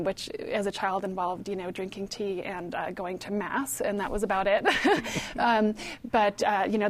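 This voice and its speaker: A woman's voice: mid-range voice, slight background noise. A woman journalist talking on a political panel, chatty and conversational with frequent fillers and restarts.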